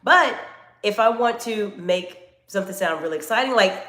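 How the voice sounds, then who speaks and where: A woman's voice: mid-range voice, animated, moderate pace, a bit bright, echoey room. A woman coaching live-stream viewers on communication, speaking directly to them in an instructive way and reading out their chat comments.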